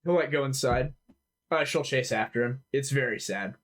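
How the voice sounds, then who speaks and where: A man's voice: mid-range voice, normal speed, a bit bright. Casual man narrating as game master. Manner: casual, filler-heavy narration.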